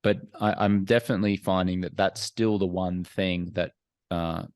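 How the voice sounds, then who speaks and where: A man speaking as a podcast guest, talking frankly and reflectively in a measured, self-examining way. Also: low voice, steady tone, darkish tone, clean tone, dry recording. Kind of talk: candid, reflective interview talk.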